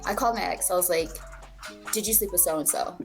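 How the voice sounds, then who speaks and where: A woman's voice: lowish voice, fairly quick, soft background music. A young woman co-hosting a podcast, casually telling a personal story, swearing freely and acting out what people said. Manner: candid, swears freely, acts out quoted dialogue. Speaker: podcast co-host.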